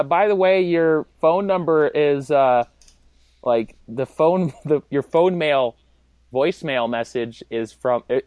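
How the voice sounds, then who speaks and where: A man's voice: medium pitch, darkish tone, no room sound. A young man from the US West Coast talking in a rambling, filler-heavy way and laughing often. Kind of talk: casual chat.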